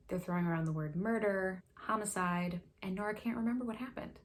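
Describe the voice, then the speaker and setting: Chatty woman doing a book recap, kinda low voice, sassy little side comments. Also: fairly bright tone. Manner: sassy, chatty, quick asides. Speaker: book review host.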